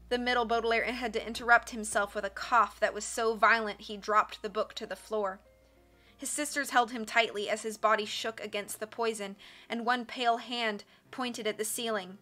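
Woman reading a book out loud, bright clear voice, bit high, faint music behind. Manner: measured, expressive storytelling with character voices. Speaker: audiobook reader on a stream. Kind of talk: dramatic audiobook narration.

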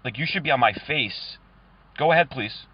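A man making prank phone calls, delivering cheesy pick-up lines in a deadpan way. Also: mid-range voice, normal speed, breathy edge, lo-fi sound. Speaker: prank caller.

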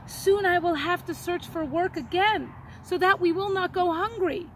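A woman's voice: very high voice, moderate pace, fairly bright tone, slight background noise, voice pushed up. A woman reading as Shalva, a kindly young shoemaker. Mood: sad.

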